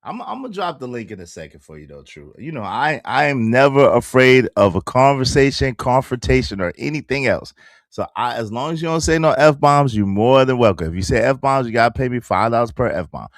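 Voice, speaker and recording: Male stream host, gravelly, dry close mic, teasing chat banter. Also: medium pitch, lively intonation, a little fast, no echo. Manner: teasing, repeats phrases, talks back to chat. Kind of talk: casual live-stream commentary.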